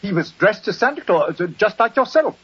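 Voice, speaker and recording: An actor playing a deferential, fretful butler, formal and polite, in 1940s radio acting. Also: male voice, sits high, expressive, fairly quick, fairly bright tone, slightly rough, exaggerated voice. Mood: anxious. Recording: dull lo-fi 1940s radio recording.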